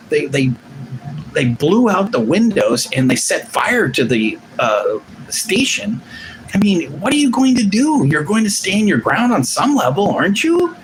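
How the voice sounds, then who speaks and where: Man in his forties, live-stream host, lively swooping delivery, profane rambler, faint hiss behind. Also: on the high side, moderate pace. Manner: rambling, profane, restarts often. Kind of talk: casual live-stream chat.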